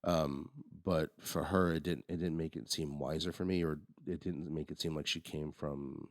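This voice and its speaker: A man's voice: extremely low pitch, steady tone, normal speed, no room sound, clean studio sound. A man co-hosting a podcast, reviewing a movie in casual, rambling chat with many restarts. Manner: rambling, frequent restarts and fillers. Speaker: podcast co-host.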